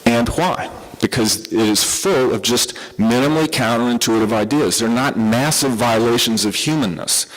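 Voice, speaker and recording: A middle-aged man with a Southern American accent lectures to a conference audience at a medium pitch. He keeps it conversational, with fillers and restarts as he goes. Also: moderate pace, hardly any pauses, poor audio. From southern United States. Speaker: conference speaker.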